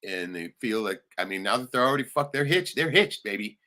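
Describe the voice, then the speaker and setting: Low-voiced man with a bright edge, profane livestream rant, scoffing laughs. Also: animated, a little fast. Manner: profane, heated, laughing asides. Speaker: livestream host. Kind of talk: ranting livestream monologue.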